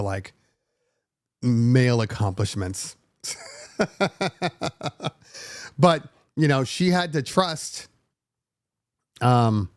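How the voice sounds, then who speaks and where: A middle-aged man hosts his own DJ podcast and tells a story in a loose, chatty way, often restarting with "like" and "you know." His voice sits at a medium pitch. The sound is dry and close, with almost no room. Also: dry recording. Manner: animated, emotional retelling with many fillers. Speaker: podcast host and DJ. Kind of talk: casual storytelling.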